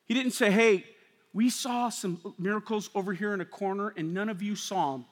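A man preaching a sermon, swinging from loud emphatic passages to hushed, intense ones. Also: high-pitched, normal speed, in a large hall. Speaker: pastor.

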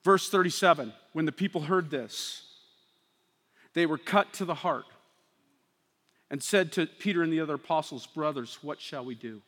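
A man preaching a sermon, swinging from loud emphatic passages to hushed, intense ones. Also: fairly high pitch, moderate pace, long pauses, long reverb tail. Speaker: pastor.

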